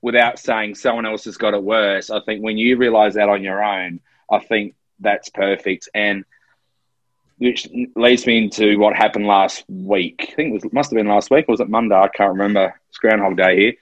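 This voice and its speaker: A man's voice: fairly low pitch, steady tone, moderate pace, no room sound. Earnest Australian man, lo-fi sound. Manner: earnest and emotional, open storytelling. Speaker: podcast co-host. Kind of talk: casual chat. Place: Melbourne, in lockdown.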